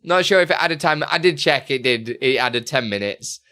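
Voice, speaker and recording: A man live-streaming, casually chatting with his viewers, reading their messages aloud and muttering to himself as he works through software settings. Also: medium pitch, animated, normal speed, dry recording, studio quality. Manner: chatty, reads chat aloud and mutters while fiddling with software. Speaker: live streamer answering chat questions.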